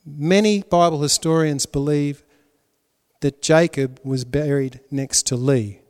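A male pastor preaching a sermon, swinging between loud emphatic lines and hushed, prayerful ones. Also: fairly high pitch, fairly even intonation, takes it slowly, clean tone, long reverb tail.

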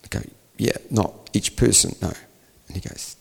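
Gravelly male preacher in a reverberant hall. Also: deep voice, moderate pace. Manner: storytelling, acts out dialogue, rising to emphatic peaks. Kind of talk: sermon.

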